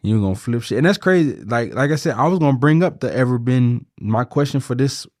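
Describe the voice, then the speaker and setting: Un hombre joven, copresentador de podcast, conversa de forma casual y cuenta anécdotas con subidas de tono al enfatizar. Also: male voice, fast, no echo, clean studio sound. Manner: animated storytelling, pitch jumps when emphatic. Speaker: podcast co-host. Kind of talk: casual chat.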